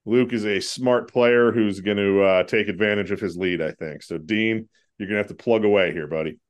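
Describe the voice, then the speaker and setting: A man's voice: lowish voice, moderate pace. A man hosting a casual trivia podcast, joking around and swearing now and then. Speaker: quiz host.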